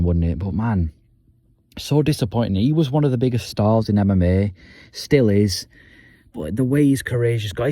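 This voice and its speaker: A man's voice: low voice, dark tone, no echo. A man ranting about the sport in a blunt, profane, rambling vlog. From Britain. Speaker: vlogger.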